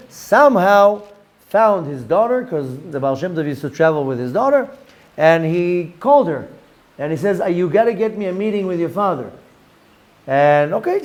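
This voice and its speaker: Animated rabbi telling stories. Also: male voice, high-pitched. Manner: animated storyteller, acts out quoted voices, mixes Hebrew terms. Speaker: rabbi teaching Kabbalah. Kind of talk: storytelling Torah lesson.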